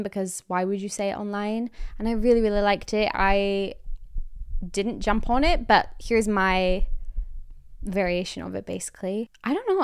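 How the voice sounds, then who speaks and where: A Scottish woman in her twenties hosts a podcast, her medium-pitched voice clean in tone. She chats candidly in a mild Scottish accent with an American tinge, saying "like" a lot and laughing quickly and often.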